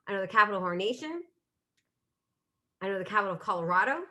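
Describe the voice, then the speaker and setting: Talking fast in a sharp, animated, mid-range voice, this streaming comedy show host is a woman in her thirties. She's alone at home in a room with a bookshelf, chatting casually and poking fun at herself with laughter.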